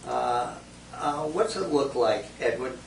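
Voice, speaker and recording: A medium-pitched man with vocal fry speaks slowly while running a focus group. He asks the group questions and names who should answer, captured distantly in a roomy room with faint background noise.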